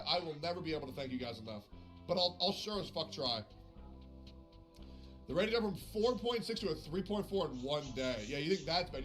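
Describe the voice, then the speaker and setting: A man's voice: fairly high pitch, pushed and bright. A man chatting on a live game stream, swearing often and slipping into passive-aggressive sarcasm. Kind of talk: casual live-stream chat.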